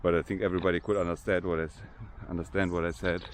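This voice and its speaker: Strolling through a big cemetery for his vlog, this older German-accented vlogger rattles along in low, flat, casual English that isn't polished. A little background noise can be heard.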